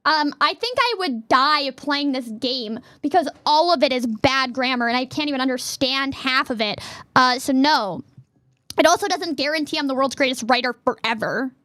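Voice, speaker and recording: A woman streamer chatting casually and reading questions aloud, giggly and playful, sometimes bursting into a yell. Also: sits high, normal speed, no room sound, studio quality.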